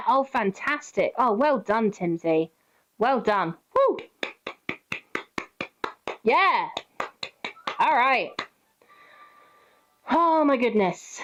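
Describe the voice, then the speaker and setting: Chatty British woman streamer, lo-fi mic. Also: fairly high pitch. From Britain. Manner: chatty, giggly, talks to chat by name. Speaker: game streamer. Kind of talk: casual live-stream chat with viewers.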